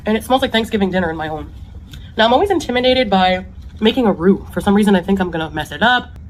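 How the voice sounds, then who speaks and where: A woman eats on camera and chats along about her food, savoring each bite. Her voice sits in a middle pitch range. A faint noise runs underneath it. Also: animated, fast, low-quality recording. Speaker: mukbang host. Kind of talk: eating-show chat.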